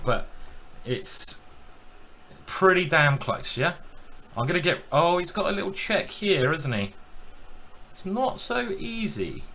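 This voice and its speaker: Man, animated self-mocking stream commentary, bright voice, lively swings. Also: on the high side, slight background noise. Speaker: chess streamer. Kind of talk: live commentary while playing blitz.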